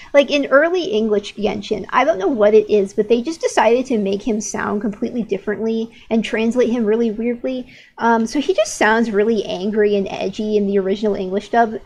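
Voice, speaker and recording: Teen woman streamer chatting while she draws, mid-pitched, rambling, strongly opinionated, full of fillers. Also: darkish tone. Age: late teens. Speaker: art streamer. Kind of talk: casual chat while drawing on stream.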